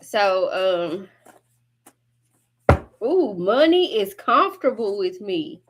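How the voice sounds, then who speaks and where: A woman hosting a casual tarot-reading livestream, with a mid-range pitch that is typical for a woman. She talks bluntly and chattily straight to her viewers, swears freely and laughs often. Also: big pitch swings, slow pace, long pauses, background noise. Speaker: tarot reader.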